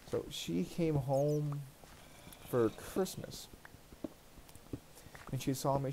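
Mellow-voiced man telling a rambling story. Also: medium pitch, slow pace, pauses often, slight background noise. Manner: rambling, profane, aggrieved retelling. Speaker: let's play host. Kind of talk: casual storytelling while gaming.

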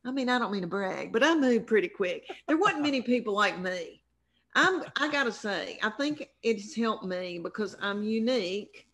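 A woman's voice: mid-range voice, expressive, normal speed, hardly any pauses, fairly bright tone. A middle-aged woman with a Southern US accent, a comedian telling rambling, self-deprecating stories in a casual interview. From American South. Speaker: comedian guest.

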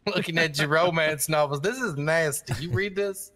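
Bright-voiced man, gruff and crude. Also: fairly high pitch, normal speed. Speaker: role-play player. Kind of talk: casual role-play banter.

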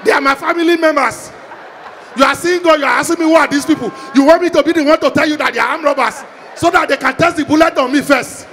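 A man with a Nigerian accent doing stand-up comedy on a concert stage, telling stories loudly in Pidgin and English. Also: very high-pitched, fast, some chatter behind, slight background noise. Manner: loud, animated storytelling in Nigerian Pidgin and English.

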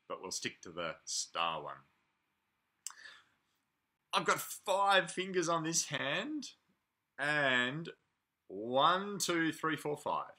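Reading a picture book aloud to toddlers, a man leading a preschool playgroup uses an animated, sing-song delivery with drawn-out words. His voice is a little high.

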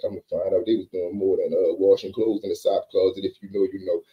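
A man telling a comedic prison story in a casual, animated way, acting out each character. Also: low voice, quick pace, highs cut off. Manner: animated, acts out every character.

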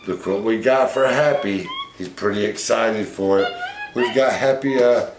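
A man's voice: on the low side, a little slow, echoey room, noisy background. A man, host of a pet channel, chatting casually and encouragingly to his pet monkey. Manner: coaxing, encouraging talk to an animal.

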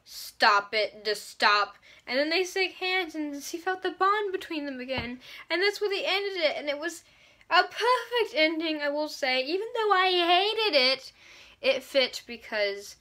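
Bright, high-voiced gushing young woman. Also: expressive, unhurried. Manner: gushing, dramatic, acts out her own reactions. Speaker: book reviewer. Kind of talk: casual book review vlog.

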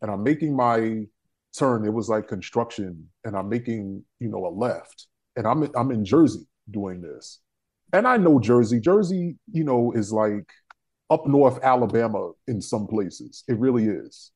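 A young adult man telling a story on a discussion panel, profane, animated and emphatic. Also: mid-range voice, measured pace, husky.

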